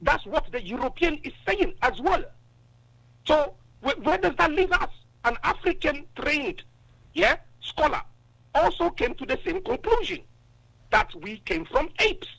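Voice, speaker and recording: A man's voice: extremely high pitch, sing-song, measured pace, gravelly, a bit bright, rough recording. A man calling in to a talk show, speaking casually with many fillers. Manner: casual, lots of "you know" and "yeah". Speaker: caller. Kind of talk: call-in discussion.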